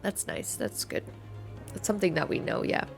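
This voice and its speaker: A woman's voice: low voice, wildly swooping pitch, moderate pace, vocal fry, faint music behind. A woman hosting her gaming channel, giggly and self-deprecating as she plays through a game. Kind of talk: casual game playthrough commentary.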